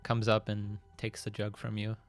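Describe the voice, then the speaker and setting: A man running a tabletop game as game master, narrating in a relaxed way with many fillers. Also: on the low side, normal speed, no echo, soft background music.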